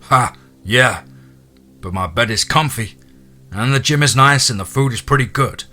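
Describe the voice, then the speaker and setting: A man's voice: lowish voice, moderate pace, bright, forceful tone, breathy edge, soft background music. A man voicing a cocky, wisecracking soldier who teases and jokes, in an audiobook reading. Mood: joking. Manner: joking, teasing. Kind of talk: audiobook character voice.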